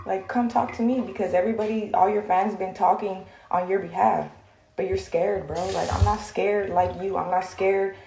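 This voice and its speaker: A woman's voice: mid-range voice, fairly even intonation, moderate pace, gravelly, mellow. A woman ranting straight to her phone camera, blunt and profane, rambling with lots of fillers. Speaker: social media vlogger. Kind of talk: heated direct-to-camera rant. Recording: echoey room.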